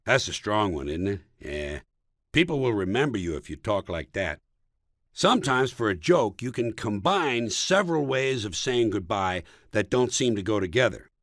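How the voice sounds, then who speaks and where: Reading his own comic book in a studio, a man from the US mocks and jabs through each punchline with sardonic flair. His fairly bright, sing-song voice swings widely in pitch at a moderate pace, recorded close and dry with no room sound.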